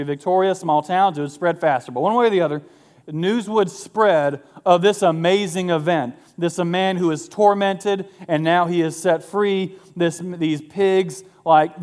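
A man preaching a sermon in a conversational way, with jokey asides to the congregation. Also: on the high side. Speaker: pastor.

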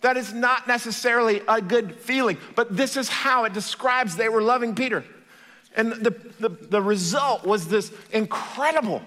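A male pastor preaching with a bright, ringing voice that sits high for a man. His playful, animated storytelling carries through a church with a long, hall-like reverb. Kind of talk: sermon.

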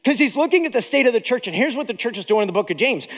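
A man preaching a sermon as a pastor, animated, with dramatic pauses. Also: very high-pitched, in a large hall.

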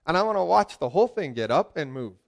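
A man preaching a lively sermon, joking with his congregation and asking them questions. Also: on the high side, fast, gravelly. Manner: joking, asks the crowd questions, swings from loud calls to quiet asides.

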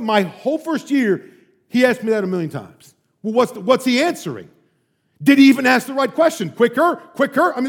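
High voiced preacher guy telling stories in a sermon, animated, lots of asides. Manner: animated storytelling, frequent asides. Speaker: pastor.

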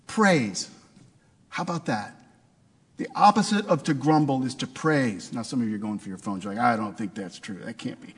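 A man's voice: a little high, fairly bright tone, husky, long reverb tail. A man preaching a sermon in a conversational way, asking his listeners rhetorical questions. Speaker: pastor.

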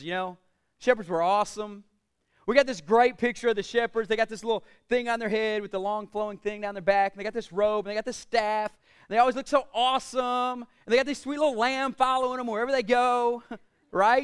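Pastor guy preaching, really high voice, smooth and clear, goes loud then drops way quiet. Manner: preaching with rhetorical questions and call-outs to the congregation; swings between loud declarations and quiet, low asides. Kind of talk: sermon.

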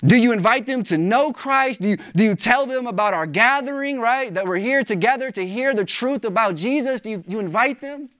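A pastor preaching a sermon. The delivery is animated and emphatic, with casual slang. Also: medium pitch, fairly quick, hardly any pauses.

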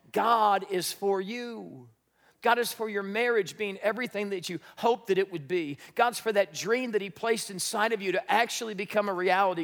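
A man preaching a sermon as pastor, emphatic and repetitive, building to loud declarations. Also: sits high, long reverb tail.

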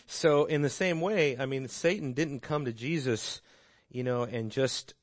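A man's voice: medium pitch, a little slow, no room sound. A man teaching a casual Bible class, talking conversationally and checking in with "right?" as he goes. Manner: conversational, tags points with "right?".

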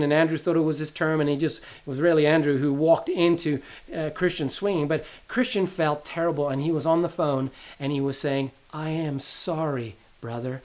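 A middle-aged man giving an earnest, sermon-style Bible teaching, repeating key phrases for emphasis as he tells a family story. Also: fairly high pitch.

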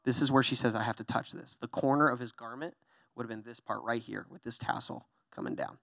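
A man's voice: mid-range voice, brisk, gravelly, no echo, studio quality. A young adult man, a pastor, giving a conversational sermon, checking in with "okay?" and "right?" and acting out voices from the Bible story. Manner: animated storyteller, acts out voices in Bible passages.

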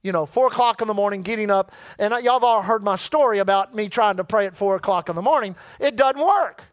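A middle-aged preacher delivers a folksy sermon, repeating himself and calling on the congregation to answer. His voice sits very high for a man. The sound is dry and close, with no room echo. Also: fast talker.

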